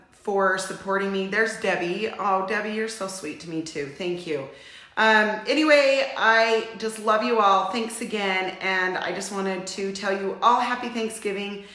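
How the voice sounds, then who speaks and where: A middle-aged woman from Utah hosting a casual livestream, chatting in a warm, rambling way and getting teary. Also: mid-range voice, roomy sound. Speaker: livestream host.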